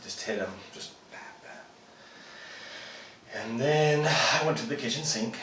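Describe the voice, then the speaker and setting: Guy acting out a vengeful unhinged man in a monologue, crude blunt talk, really low voice, noisy echoey take. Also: fairly bright tone. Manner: profane, blunt storytelling. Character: vengeful, unhinged man confessing a brutal revenge. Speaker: actor performing a monologue. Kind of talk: dramatic monologue. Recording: echoey room, far from mic, noisy.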